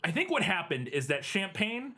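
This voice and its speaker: Guy cohosting a movie podcast, slightly high voice, keeps laughing and groaning about the film. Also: sing-song, moderate pace, heavy background noise. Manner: laughing, exasperated riffing. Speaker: podcast co-host. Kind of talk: casual movie review chat.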